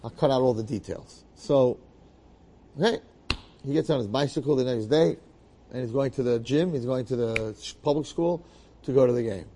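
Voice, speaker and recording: A man telling a long story aloud in a lively, dramatic way, repeating phrases and adding asides. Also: mid-range voice, moderate pace, slight background noise. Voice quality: bearded, uses Yiddish and Hebrew terms. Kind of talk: animated oral storytelling.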